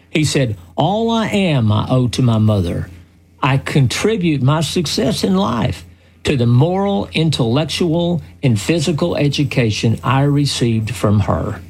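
A man's voice: fairly high pitch, darkish tone, breathy edge. An older man hosting a radio commentary, telling stories in an earnest, folksy way. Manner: slow, earnest, folksy storytelling.

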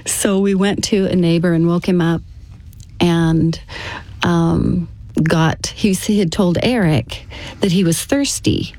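A woman telling a personal story to an interviewer in a casual, halting way, with frequent restarts. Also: lowish voice, dark tone, no room sound. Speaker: interview guest.

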